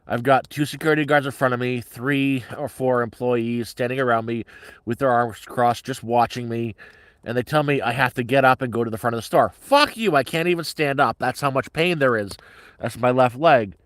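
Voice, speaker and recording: A man's voice: medium pitch, steady tone, moderate pace, fairly bright tone, dry recording. Man livestreaming, middle-aged, blunt and profane, dry close sound. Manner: blunt, heavily profane, agitated ranting. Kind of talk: casual livestream storytelling.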